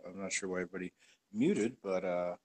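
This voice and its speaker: A man's voice: sits low, fast, darkish tone, a little hiss or hum. Rambling man hosting a livestream chat. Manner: rambling, filler-heavy, laughs easily. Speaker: podcast host.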